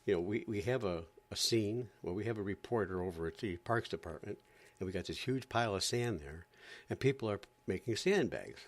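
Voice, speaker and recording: Exasperated man ranting, lively pitch. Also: brisk. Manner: exasperated, sarcastic, repeats himself. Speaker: podcast host. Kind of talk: ranting commentary.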